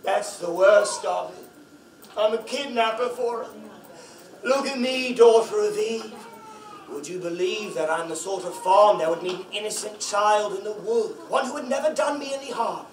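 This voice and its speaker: A man's voice: sits high, moderate pace, lightly acted. A man playing a nervous, fussy, guilt-ridden male faun in a live stage play, stammering and exclaiming often. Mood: remorseful. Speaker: stage actor. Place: library hall before an audience. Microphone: far camera. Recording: echoey hall from far off.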